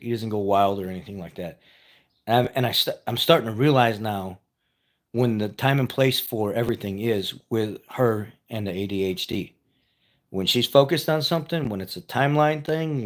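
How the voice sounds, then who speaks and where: Casual storyteller, male, mid-pitched, rambling and self-deprecating, chuckles at his own jokes. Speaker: vlogger.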